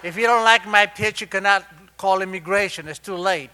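An older man with an Argentine Spanish accent shares his life story at a recovery meeting. His voice sits high and bright. He confides with animated, wry humor. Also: brisk, slight background noise. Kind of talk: personal storytelling talk.

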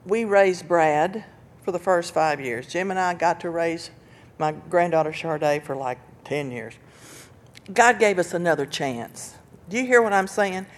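An older woman giving an earnest personal testimony about recovery and loss, telling her story with bursts of laughter and loud quoted lines. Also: on the low side, a little slow. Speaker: speaker sharing recovery story.

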